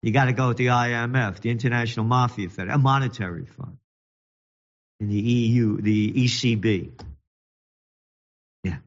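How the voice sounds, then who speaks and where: Male host, indignant commentator, mid-pitched, mocking tone, muffled lo-fi audio. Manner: indignant, mocking, swings between fast reading and slow emphatic jabs. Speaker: show host and magazine publisher. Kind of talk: angry political commentary.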